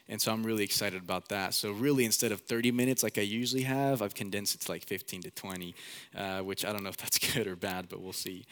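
Casual, animated young male pastor. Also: on the low side. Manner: casual, animated preaching with acted-out quotes. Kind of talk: sermon.

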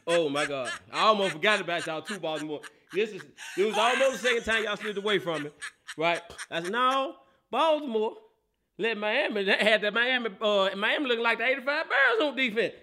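A man's voice: sits high, fairly quick. A man hosting a casual sports talk show, laughing often and teasing. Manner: laughs a lot, animated and teasing.

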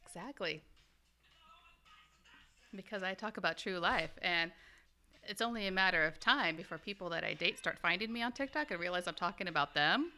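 A woman in her forties, a podcast guest in casual chat, animated and laughing often. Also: fairly low pitch, normal speed, pauses often, soft background music. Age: 40s.

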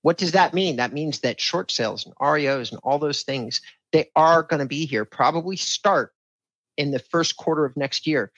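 Guy hosting a real estate chat, punchy pitchy delivery, dry close sound. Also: normal speed, fairly bright tone, no echo, highs cut off. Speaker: real estate podcast host. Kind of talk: casual podcast talk.

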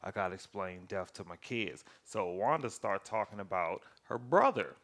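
A man's voice: fairly low pitch, normal speed. A man casually recapping a TV series with lots of swearing, acting out the characters' lines as he goes. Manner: profane, animated storytelling with acted-out quotes. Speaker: podcast co-host.

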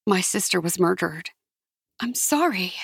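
A grieving young woman speaks quietly and bluntly, read by a woman. Her voice is a bit husky, close and dry. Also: fairly low pitch, animated, a little slow, no room sound, heavily acted. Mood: somber.

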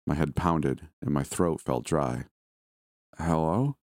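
A man reading a scripted first-person horror story in a steady, measured way. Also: a bass voice, vocal fry, no room sound, clean studio sound.

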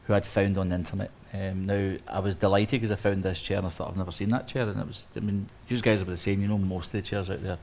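A man, an interior designer, telling a lively story on a live panel, acting out quotes with many restarts. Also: deep voice, fast talker, vocal fry, hardly any pauses, slight background noise. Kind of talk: anecdote on a live panel talk.

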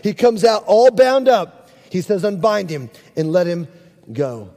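A man's voice: high-pitched, sing-song, measured pace, mellow. A middle-aged man, a pastor, preaching an earnest, emphatic sermon and calling out to his congregation. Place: church sanctuary. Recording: long hall reverb.

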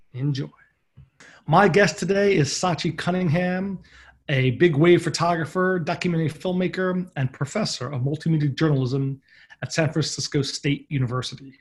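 A man's voice: a little high, darkish tone. A man hosting a podcast, reading an upbeat scripted introduction and then chatting casually with his guest. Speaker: podcast host.

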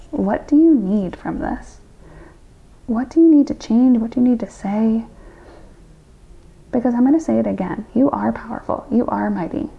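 Woman podcast host, gravelly fry, earnest pep talk, kinda muffled lo-fi sound. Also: on the high side, mellow. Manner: earnest, encouraging, direct address to listeners. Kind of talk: solo podcast monologue.

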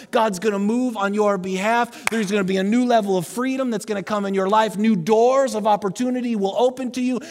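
A man preaching a sermon as pastor, with dynamic delivery that swings between loud urging and soft, hushed passages. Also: high-pitched, big-room sound.

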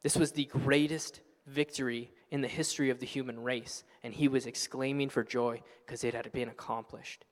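A man preaching a sermon as pastor, earnest and passionate, building to loud exclamations. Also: medium pitch, level tone, normal speed, hardly any pauses, in a large hall. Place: church sanctuary.

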